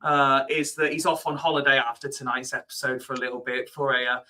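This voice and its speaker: A man's voice: medium pitch, fairly even intonation, brisk, pushed and bright. A man hosting a casual football podcast over a livestream call, chatty and full of "uh" hesitations. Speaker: podcast host. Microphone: remote livestream call.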